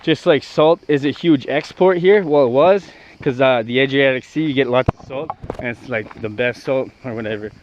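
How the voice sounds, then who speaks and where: A man's voice: medium pitch, normal speed, few pauses, muffled recording, a little hiss or hum. A young man from Canada vlogging casually outdoors at ancient ruins, rambling and swearing as he walks. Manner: brash, profane, rambling banter. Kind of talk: casual walking vlog.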